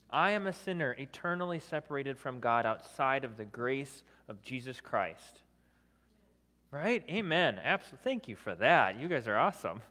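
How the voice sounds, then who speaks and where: A man's voice: fairly high pitch, pushed and bright, long reverb tail. A man preaching a sermon as a guest speaker, talking conversationally, often adding "right?", with self-deprecating humor. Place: church sanctuary.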